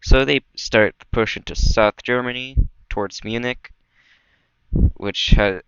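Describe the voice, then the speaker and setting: A man's voice: medium pitch, slow pace, a bit bright, smooth, no room sound. Rambling young man, dull dry mic. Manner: loose, rambling, many fillers and self-corrections. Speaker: mapping video creator. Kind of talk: casual map narration.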